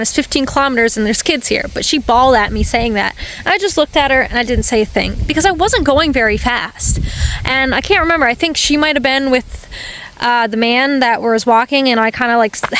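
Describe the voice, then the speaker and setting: Woman ranting casually to her vlog, higher voice, lots of likes and restarts, faint outdoor hum behind. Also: fairly bright tone, poor audio. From Newfoundland. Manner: chatty, lots of fillers, self-correcting. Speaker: vlogger. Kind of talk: casual storytelling rant. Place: parked car by a dirt logging road, outdoors.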